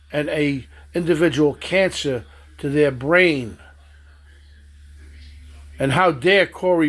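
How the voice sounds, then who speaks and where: A man giving a stern political monologue, accusing and addressing people directly. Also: a little high. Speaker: political commentator.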